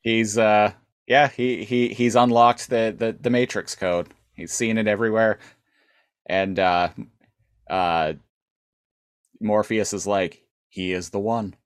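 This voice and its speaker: A man's voice: on the low side, fairly even intonation, slow, pauses often, clear, resonant tone, no echo, studio quality. A man co-hosting a podcast, recapping an episode in casual chat, rambling with many fillers and restarts. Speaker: podcast co-host.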